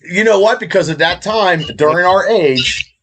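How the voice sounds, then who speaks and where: A man's voice: high-pitched, pushed and bright. A middle-aged man co-hosting a podcast, talking casually with lots of swearing and rambling. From Indiana, USA. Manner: profane, rambling, fast. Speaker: podcast co-host.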